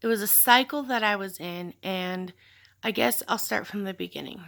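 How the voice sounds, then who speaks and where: Woman vlogger, personal storytelling, reflective and candid, raspy edge, sharp tone. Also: mid-range voice, moderate pace. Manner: candid, reflective, with sighs and fillers. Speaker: vlogger telling her story.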